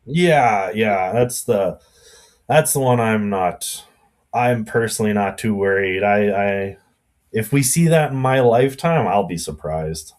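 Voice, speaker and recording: A Canadian man talks shop as a podcast guest in a lowish, unhurried voice. He rambles, circles back and leans on fillers in a loose, casual way. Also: lively intonation, a little mellow. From Alberta, Canada. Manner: rambling, easygoing, lots of fillers. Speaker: guest blacksmith.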